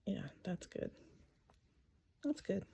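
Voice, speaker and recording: Speaking slowly over slight background noise, a woman hosting a crafting vlog talks casually and thinks aloud while working. She occasionally whispers letters softly, spelling words out as she writes.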